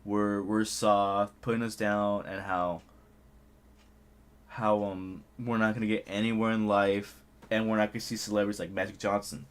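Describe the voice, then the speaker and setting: A man, telling a school story in a rambling, animated way full of fillers. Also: fairly low pitch, moderate pace, smooth. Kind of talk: casual story time.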